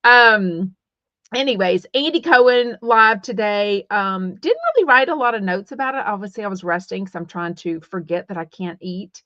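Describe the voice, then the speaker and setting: A middle-aged Texan woman with a Texan accent hosts a casual livestream podcast, chatty and rambling with many fillers and restarts. Her medium-pitched voice is expressive, pushed and bright at a moderate pace. The lo-fi recording is dull and dry, with no room sound.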